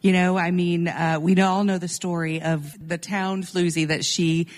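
A woman's voice: on the low side, little pitch movement, a little slow. A woman speaking as a guest on a radio interview, emphatic and enthusiastic in how she talks.

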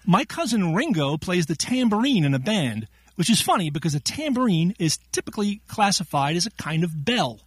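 Animated, laughing quiz man. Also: sits high, a little fast, hardly any pauses, slightly rough, no echo. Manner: jokey, laughs often, animated delivery. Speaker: quiz segment contributor. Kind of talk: playful quiz hosting.

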